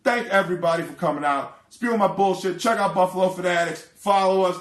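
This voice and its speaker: A man hosts his own sports podcast in a loose, profane rant. His voice sits a little high and bounces around an echoey room. He swings into heated, swearing outbursts and talks casually. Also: brisk. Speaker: podcast host.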